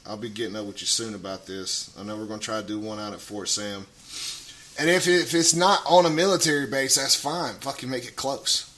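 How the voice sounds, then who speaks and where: A man talking casually on a radio show, rambling, swearing a lot and getting loud. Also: mid-range voice.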